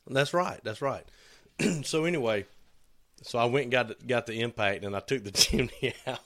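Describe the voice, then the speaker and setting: A man's voice: medium pitch, normal speed, bright, forceful tone. A middle-aged man and podcast co-host in casual shop talk, telling stories and acting out what others said. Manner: storytelling, acts out quotes with laughs.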